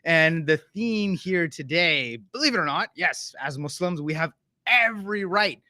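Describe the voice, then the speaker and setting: A man's voice: on the high side, expressive, a little slow, sharp tone, no room sound. A man from the Toronto area, hosting a live talk show in a chatty, joking way with plenty of fillers. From Canada (Toronto area). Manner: chatty, jokey, lots of fillers. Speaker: host.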